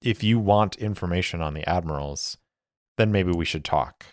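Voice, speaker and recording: A man's voice: low voice, moderate pace, dry recording, clean studio sound, natural voice. A man voicing a guarded, stern young woman with clipped, wary lines.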